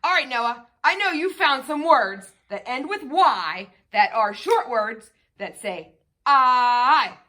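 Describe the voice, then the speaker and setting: Lively, bright-voiced woman teaching phonics. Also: high voice. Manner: sing-song, spelling letters and sounding out slowly. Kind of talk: children's phonics lesson.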